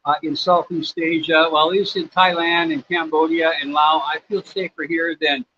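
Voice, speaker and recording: A man's voice: on the high side, little pitch movement, normal speed, sharp tone. A man from the United States hosting a casual livestream, answering viewer questions in a rambling, laid-back way with lots of fillers. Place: his home in Cambodia. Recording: slightly dull sound, faint background noise.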